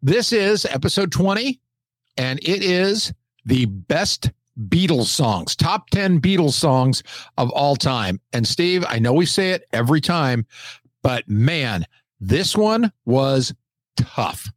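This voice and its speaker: A man co-hosting a podcast, chatting in a relaxed, friendly way with some restarts. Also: fairly high pitch, takes it slowly, dry recording, clean studio sound. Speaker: podcast co-host. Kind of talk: casual chat.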